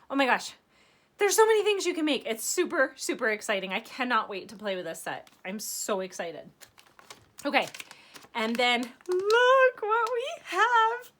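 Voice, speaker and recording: A young woman vlogging an unboxing from her floor at home, gushing and bubbly, saying again and again how excited she is. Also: mid-range voice. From Arizona, United States. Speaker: craft vlogger. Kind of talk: unboxing vlog.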